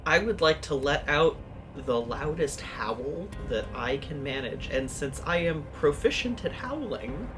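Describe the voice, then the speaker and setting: A woman's voice: low voice, lively intonation, a little slow, music in the background. A woman playing a tabletop game, describing her character's moves with wry, dry humor and the odd swear. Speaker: player.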